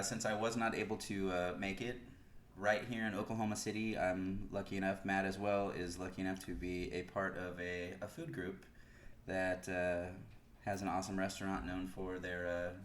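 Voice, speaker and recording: A man in his forties co-hosting a podcast in casual chat, rambling along with many "uh" pauses. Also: low-pitched, fairly even intonation. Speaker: podcast co-host. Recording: roomy echo, faint hiss.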